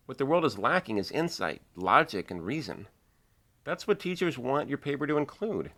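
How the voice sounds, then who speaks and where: Lively-voiced man teaching writing. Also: medium pitch. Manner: measured, earnest, explanatory. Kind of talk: instructional video lesson.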